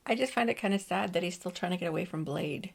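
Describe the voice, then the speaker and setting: A woman's voice: on the low side, quick pace, creaky, husky. A woman co-hosting a casual podcast, reacting briefly and wryly to the news. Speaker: podcast co-host. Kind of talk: casual chat.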